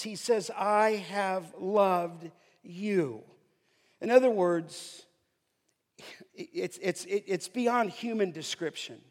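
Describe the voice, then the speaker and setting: A man preaching an expository sermon, emphatic, slowing down to stress key phrases as he reads scripture. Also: high-pitched, a little mellow. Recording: long hall reverb.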